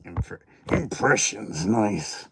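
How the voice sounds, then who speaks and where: A man's voice: lowish voice, lively intonation, very slow, creaky, heavy background noise. A man hosting a casual livestream, rambling and self-mocking as he reads viewer comments aloud. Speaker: livestream host. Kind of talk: casual livestream chat while unboxing.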